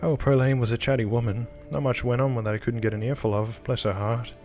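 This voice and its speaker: A man voicing a gracious, enigmatic middle-aged woman in a slow, motherly old-lady voice while reading game dialogue aloud. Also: mid-range voice, fairly even intonation, darkish tone, faint music behind, close to an everyday voice. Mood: genteel.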